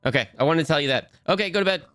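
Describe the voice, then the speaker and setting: Lively, laughing male streamer. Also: fairly high pitch, rapid-fire, smooth, no room sound. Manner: laughs often, chatty and animated with viewers. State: voice a little worn from talking. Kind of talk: casual live-stream chat.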